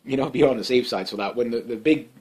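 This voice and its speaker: A man's voice: mid-range voice, fast, darkish tone. A man giving off-the-cuff political commentary, blunt and emphatic, rambling with many fillers and restarts.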